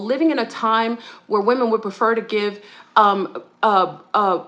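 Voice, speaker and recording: Bright-voiced woman on a heated rant. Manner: heated, rambling rant with repeated restarts; swings into high-pitched outbursts and laughs. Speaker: podcast co-host. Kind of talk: ranting monologue.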